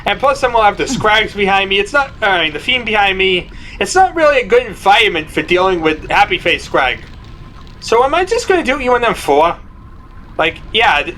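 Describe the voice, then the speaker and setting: Male gaming host, high voice, hammy mock-terror commentary, noisy recording. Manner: shifts from mumbled planning to loud mock panic. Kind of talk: gameplay commentary.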